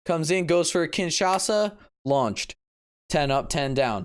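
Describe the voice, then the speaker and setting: A man giving a casual, excitable recap of a wrestling event as a vlogger, dropping low and then bursting into sudden yelps. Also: unhurried, smooth.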